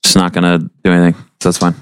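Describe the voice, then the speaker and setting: A man's voice: sits low, completely flat delivery, fast talker, background noise. A man playing a tabletop game in an easygoing way, asking about the rules as he declares his actions. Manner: easygoing, asks rule questions. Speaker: player. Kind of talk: casual tabletop play.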